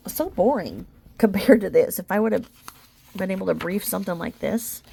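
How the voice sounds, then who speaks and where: A young woman with a gravelly, fry-edged voice reads dense legal text in a steady tone. She keeps stopping to react with disbelief, her asides jumping higher and livelier. Her pitch sits at a middle level. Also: brisk, slight background noise. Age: young adult. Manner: incredulous, animated asides between reading. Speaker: commentary vlogger. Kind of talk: reading a legal filing aloud with reactions.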